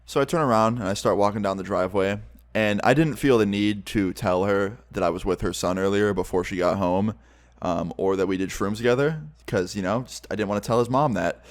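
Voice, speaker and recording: Young male vlogger, lowish voice, easygoing storyteller for a storytime video. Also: a little fast. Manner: relaxed, loose, filler-heavy delivery. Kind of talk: casual storytelling.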